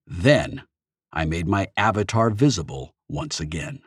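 Deep voiced guy reading an audiobook, really animated delivery, dry studio sound. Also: a little slow, breathy edge, no echo. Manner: expressive, first-person storytelling. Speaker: audiobook narrator. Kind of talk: scripted audiobook narration.

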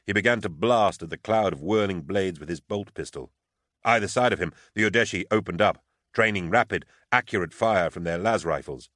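A man narrating an audiobook in a steady, even storytelling manner, on a close studio mic. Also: on the low side, dry recording.

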